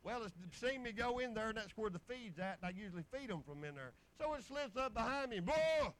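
A man's voice: high-pitched, lively intonation, fast, fairly bright tone, low-quality recording. A man preaching a folksy sermon, telling homespun stories and chuckling along the way.

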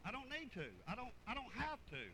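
A man's voice: very high-pitched, big pitch swings, fast talker, sharp tone, a little hiss or hum, poor audio. An older man, preaching a sermon in a folksy, rambling way that repeats words. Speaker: pastor.

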